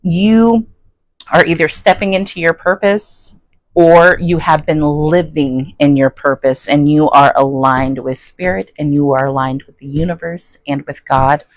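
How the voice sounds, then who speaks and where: A woman's voice: low voice, fairly even intonation, a little slow, dry recording, rough recording. A woman giving a chatty, folksy tarot reading to her viewers, often checking in with "okay?". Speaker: tarot reader.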